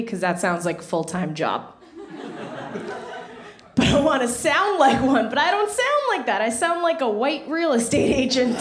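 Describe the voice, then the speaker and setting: A young woman works a comedy club stage with a handheld mic, chatty and self-mocking. Her fairly high voice swings widely in pitch while she takes her time with each line. The room rings with echo and loud audience laughter. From Somalia (family). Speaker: stand-up comedian. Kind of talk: stand-up comedy set.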